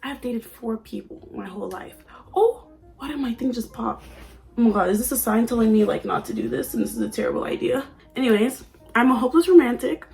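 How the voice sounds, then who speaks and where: A woman's voice: on the high side, a little fast, gravelly, a little mellow. A nineteen-year-old woman vlogging at home in a chatty, playful, oversharing way. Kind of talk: casual chat. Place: at home under a ring light.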